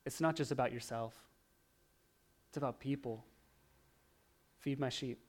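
A man preaching a sermon, animated, swinging from loud emphasis to hushed, quiet asides. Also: medium pitch, a little slow. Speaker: pastor.

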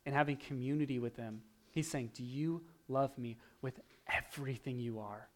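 A man preaching a sermon, animated, swinging from loud emphasis to hushed, quiet asides. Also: mid-range voice, normal speed. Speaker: pastor.

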